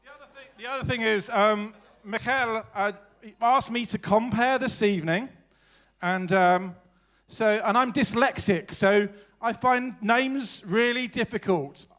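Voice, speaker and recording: A man's voice: high-pitched, measured pace, fairly bright tone. A man hosting a live evening show, chatting with the audience in a self-mocking, jokey way. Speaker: stage host introducing acts. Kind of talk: comic stage banter with the audience. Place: stage at a live evening event.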